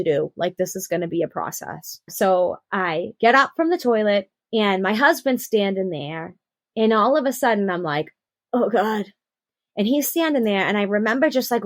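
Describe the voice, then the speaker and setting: A young adult woman telling her personal birth story on a podcast, animated and acting out the quotes. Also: mid-range voice, no echo. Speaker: podcast guest.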